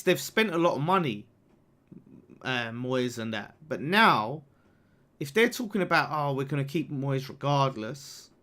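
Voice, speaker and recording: A young man hosting a live football watchalong, reacting to the game, swearing and reading out viewer messages. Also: a little high. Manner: chatty, swears, reacts loudly to the game and reads super chats. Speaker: fan channel watchalong host. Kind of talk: live match watchalong commentary.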